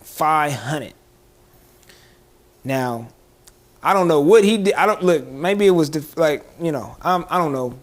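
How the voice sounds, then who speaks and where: Animated young man telling a story. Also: a little high, measured pace, pauses often. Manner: animated storyteller, slangy, laughs often. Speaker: podcast co-host. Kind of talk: casual storytelling chat.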